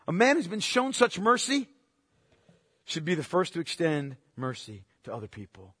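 A man preaching a sermon with passion, firing rhetorical questions and swinging between loud outbursts and hushed asides. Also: fairly high pitch, huge pitch swings, moderate pace, slightly rough, no room sound, studio quality, big-room sound. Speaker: pastor.

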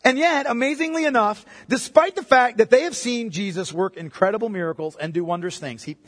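A middle-aged man preaching a sermon, conversational and animated, with joking asides. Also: sits high, fairly quick. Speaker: pastor. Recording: reverberant hall.

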